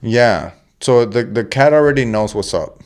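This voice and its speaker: A man's voice: medium pitch, animated, moderate pace, a little mellow. A young man hosting a casual podcast chat, rambling and joking with plenty of swearing and restarts. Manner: rambling, profane, jokey, with restarts. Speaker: podcast host.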